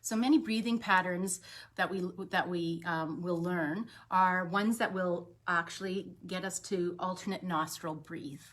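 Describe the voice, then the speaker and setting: Woman, holistic health coach, gentle chatty tone, lots of ums, live-stream webcam sound. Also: on the low side, steady tone, measured pace. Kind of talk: daily live wellness talk.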